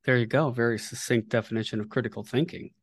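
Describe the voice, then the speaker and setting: A man's voice: medium pitch, steady tone, fast talker, slightly rough. Male podcast host, mid-range voice, teasing and sarcastic, casual banter.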